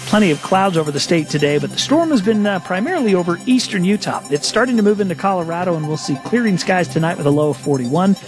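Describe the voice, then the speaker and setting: High, lively weatherman. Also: fast, few pauses, music in the background. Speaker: weather forecaster.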